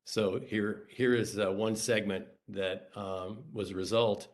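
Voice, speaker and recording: A man's voice: on the low side, steady tone, unhurried. A man, an investigative reporter, introducing a clip in a hesitant webinar talk with many fillers. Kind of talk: webinar presentation.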